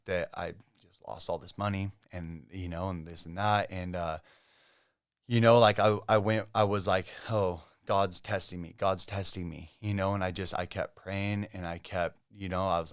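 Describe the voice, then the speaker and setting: Low-voiced laid-back California man. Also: little pitch movement, moderate pace, clean tone, no echo, studio quality. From Southern California. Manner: laid-back, full of "dude", "bro" and "like". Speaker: podcast guest. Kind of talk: casual testimony chat.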